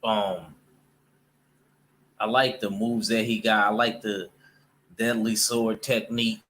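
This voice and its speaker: A man chats loosely about comic books in a rambling, slangy way, with frequent fillers. His voice sits low, yet it has a bright, forceful edge. The talk stays casual and unscripted. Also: level tone, slow pace, slight background noise. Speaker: comic book vlogger. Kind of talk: casual chat.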